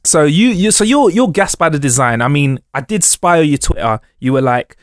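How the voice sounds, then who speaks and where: A man's voice: a little high, expressive, normal speed, no echo, studio quality. Laid-back young man, podcast co-host. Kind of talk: casual chat.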